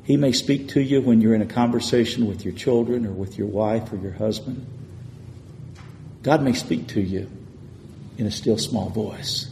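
A man's voice: on the low side, moderate pace, warm tone, slight background noise. A man preaching a sermon in a church with an emphatic, repetitive cadence. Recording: echoey hall with long reverb.

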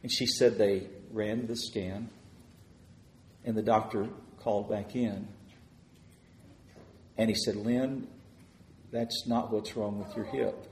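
A man preaching a sermon, telling stories of answered prayer and swelling louder as he retells people's words. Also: lowish voice, steady tone, slow, pauses often, echoey room, slight background noise.

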